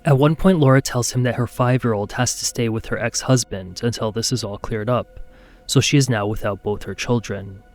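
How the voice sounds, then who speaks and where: A man's voice: mid-range voice, moderate pace, a little mellow, soft background music. Man narrating true crime. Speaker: documentary narrator.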